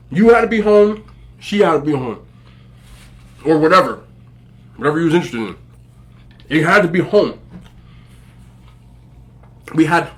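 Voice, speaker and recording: A man in his forties telling stories to viewers in a relaxed, joking way, laughing often and using plenty of slang. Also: a little high. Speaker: mukbang host. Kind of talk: casual storytelling to viewers.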